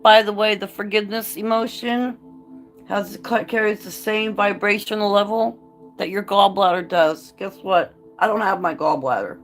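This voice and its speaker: A woman's voice: medium pitch, normal speed, soft background music. A woman talking to camera in a candid vlog, blunt and profane, moving from reading aloud to an impassioned rant. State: choked up. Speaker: vlogger.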